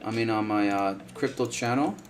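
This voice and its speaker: A man's voice: fairly low pitch, normal speed, soft background music. A man hosting a live trading stream, talking casually and bluntly, swearing often and repeating himself, tired and yawning from lack of sleep. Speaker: trading livestream host. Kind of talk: casual live market commentary.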